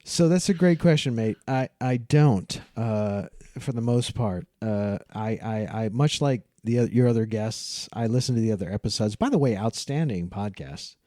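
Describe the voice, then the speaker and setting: A man's voice: fairly low pitch, normal speed, few pauses, dark tone, dry recording. Playful Midwestern American man, dry sound. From Midwestern United States. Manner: playful, joking, many restarts. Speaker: podcast guest. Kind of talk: casual chat.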